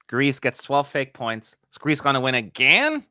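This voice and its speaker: A man co-hosting a live watch-along stream, chatting excitably and grumbling aloud as he tracks what is on screen. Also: mid-range voice, normal speed, few pauses, dry recording, clean studio sound. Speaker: livestream co-host.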